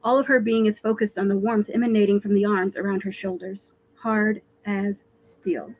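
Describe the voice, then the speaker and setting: A woman author reading her own fiction aloud in an expressive, animated storytelling voice for a virtual live stream. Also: mid-range voice, normal speed, rough recording.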